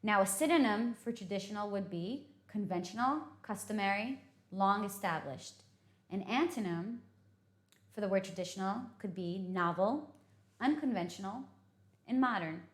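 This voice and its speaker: A woman's voice: mid-range voice, lively intonation, normal speed. A woman teaching English vocabulary, explaining patiently and often checking in with "okay?". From United States. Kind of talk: vocabulary lesson. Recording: echoey room.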